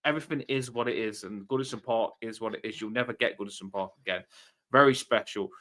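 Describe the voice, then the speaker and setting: A man's voice: on the low side, fast. A man hosting a casual post-match fan stream, chatty and swearing freely. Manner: chatty, swears freely, loud bursts when wrapping up. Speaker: fan channel host.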